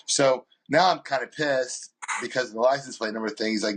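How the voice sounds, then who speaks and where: A man's voice: on the low side, steady tone, fast talker, a bit bright, low-quality recording. A man rambles through a story on a casual podcast. He slips into the voices of the people he quotes, then drops back to his own. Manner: rambling anecdote-telling, acts out quoted people. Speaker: podcast co-host.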